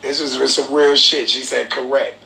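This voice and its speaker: A man hosting a podcast, telling a story in an animated, profane way and acting out the people he quotes. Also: medium pitch, moderate pace, creaky. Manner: excitable, profane, acts out quotes. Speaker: podcast host. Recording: roomy echoey room, faint noise.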